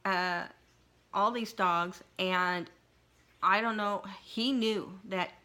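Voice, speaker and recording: A middle-aged woman vlogger telling a personal story in an emotional, halting way, with frequent restarts and pauses. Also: medium pitch, steady tone, pushed and bright. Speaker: craft vlogger.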